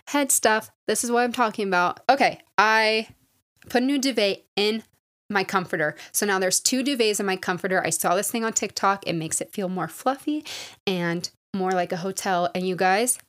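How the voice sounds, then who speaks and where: Young woman podcasting solo, rambly and chatty, mid-pitched, lots of likes. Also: moderate pace, fairly bright tone. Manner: rambling and self-deprecating, many likes and you guys. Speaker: podcast host. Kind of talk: casual solo podcast chat.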